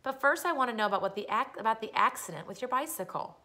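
A brisk, dry storybook mother who fusses over her son and gives firm orders, as a woman reading aloud puts her on. Her voice is bright and clear. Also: fairly high pitch, lively intonation, pitched above the performer's own voice. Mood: worried. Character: fussing, brisk, knowing mother.

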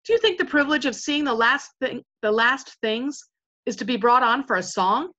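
A woman's voice: on the high side, animated, normal speed, pushed and bright, pitched above the performer's own voice. Woman reading a commanding young king. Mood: rousing. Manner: stately and commanding. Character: young king rallying his crew, commanding.

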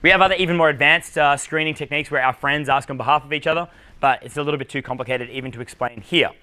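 An Australian man lectures a seminar crowd as a dating coach, with a blunt, swearing, punchy delivery. His voice is bright and forceful, pitched a bit above most men's. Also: fast talker, clear, resonant tone. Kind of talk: live seminar talk. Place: conference room with live audience.

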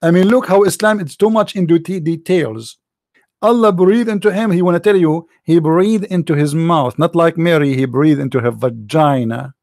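On the high side and a little mellow, an online religious commentator with an Arabic accent speaks at normal speed in English, which isn't his native language. Reading from a screen, he delivers a sarcastic, incredulous, mocking monologue and mimics sneezes. The recording is dry and of studio quality.

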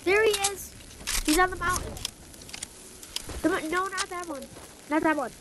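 A woman chatting casually with a teammate while playing a video game, excitedly calling out directions. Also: very high voice, moderate pace, background noise. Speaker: gamer.

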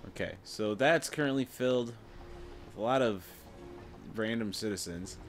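A man's voice: fairly low pitch, measured pace, soft background music. Frustrated young man swearing at a game. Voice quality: voice cracking. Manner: frustrated, swearing, muttering to himself. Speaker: gameplay streamer. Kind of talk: casual gameplay commentary.

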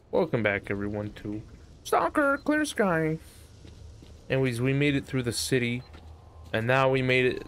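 A young man streaming a game live, rambling and cursing in casual commentary, with sudden shouts. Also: medium pitch, a little hiss or hum. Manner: rambling, profane, sings and shouts in bursts. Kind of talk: casual let's-play commentary. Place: home streaming setup.

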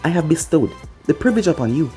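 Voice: mid-range voice, lively intonation, quick pace, warm tone, soft background music, close to an everyday voice. A storybook narrator voicing a smug, pampered nobleman who gives haughty, demanding orders.

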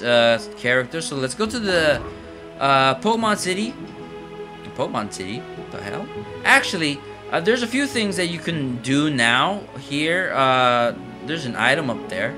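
A man giving casual video game commentary, full of rambling, jokey asides. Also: medium pitch. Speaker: let's player.

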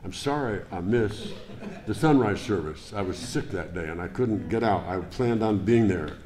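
A man preaching a sermon as pastor, deliberate and emphatic, with rhetorical questions to the congregation. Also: fairly low pitch, lively intonation, a crowd in the background. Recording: echoey church room.

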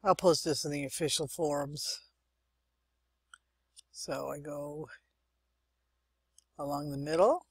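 A woman's voice: deep voice, steady tone, takes it slowly, pauses often, breathy edge, dry recording. A young woman hosting a let's-play, chatting and thinking aloud as she plays, with muttered asides. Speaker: gaming channel host. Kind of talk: let's-play game commentary.

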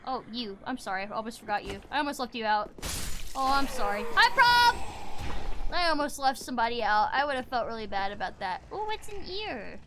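A young woman live-streaming a video game, talking to chat with exasperated grumbling, loud outbursts and playful menace. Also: fairly high pitch, lively intonation, fast talker, background noise.

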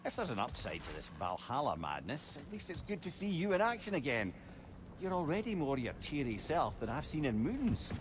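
Mimir: a wry talkative game sidekick, lively rises and falls, faint hiss behind. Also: male voice, a little high, fairly quick. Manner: wry, chatty. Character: wry talkative male head companion, witty.

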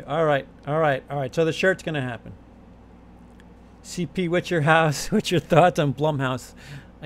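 A young man talks off the cuff to his audience, circling back and restarting sentences as he swears his way through. His voice sits a little high for a man and has a gravelly edge, with a faint hiss of noise behind him. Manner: rambling, profane, many restarts. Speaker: channel host. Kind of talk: casual chat.

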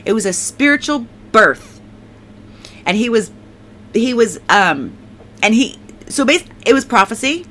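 A woman's voice: a little high, animated, unhurried, pauses often, fairly bright tone, slight background noise. A middle-aged woman giving a personal faith testimony, talking emotionally with many restarts and fillers. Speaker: testimony speaker.

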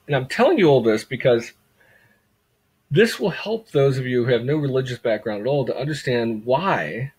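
A man's voice: medium pitch, breathy edge, poor audio. A man lecturing a class in a conversational way, often repeating words for emphasis and asking rhetorical questions. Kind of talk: classroom lecture on a graphic novel.

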